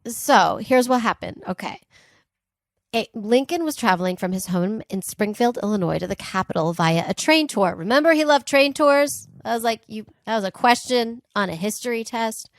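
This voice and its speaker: A woman's voice: on the high side, moderate pace, no echo, studio quality. A woman co-hosting a podcast, retelling a history story in casual, chatty talk with frequent "like" and "um" asides. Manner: chatty and animated, laughs often, asides with "like" and "um". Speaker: podcast co-host.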